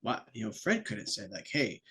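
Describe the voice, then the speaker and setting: A man's voice: lowish voice, big pitch swings, fairly quick, bright, forceful tone, breathy edge. A man who is a podcast guest, talking casually and heatedly and swearing freely. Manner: heated, sweary, puts on voices when quoting. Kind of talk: casual chat.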